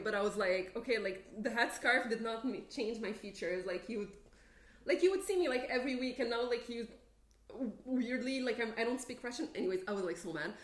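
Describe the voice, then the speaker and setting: A young woman co-hosting a podcast, telling stories in casual chat and acting out what people said to her. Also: a little high. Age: young adult. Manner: animated storytelling, acts out quoted people with laughter. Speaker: podcast co-host. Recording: roomy echo.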